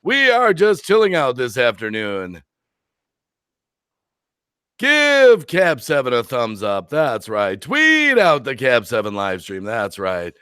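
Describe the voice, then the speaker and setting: A man's voice: medium pitch, wildly swooping pitch, takes it slowly, pushed and bright, clean tone, no room sound, clean studio sound. A man hosting a casual live stream, upbeat, tossing out catchphrases and reading viewer comments aloud.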